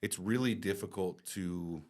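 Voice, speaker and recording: A man's voice: low voice, unhurried, heavy background noise. A man co-hosting a business podcast, talking candidly and casually with some swearing and repeated starts. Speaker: podcast co-host and company team member.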